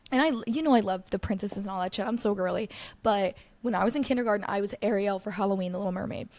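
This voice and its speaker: A woman's voice: fairly high pitch, darkish tone, no room sound. A young woman hosting a casual solo podcast, telling stories in a chatty way with lots of "like" and plenty of swearing. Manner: chatty, lots of "like", swears freely, quick asides. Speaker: podcast host.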